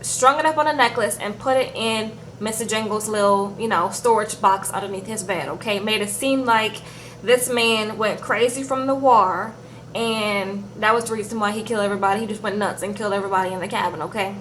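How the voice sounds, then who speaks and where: A woman giving a casual, animated recap of a TV episode, peppering it with "girl" and "okay?". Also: mid-range voice, fairly quick, a little hiss or hum, low-quality recording. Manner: chatty, animated, says "girl" and "okay?" often. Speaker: TV show recap reviewer.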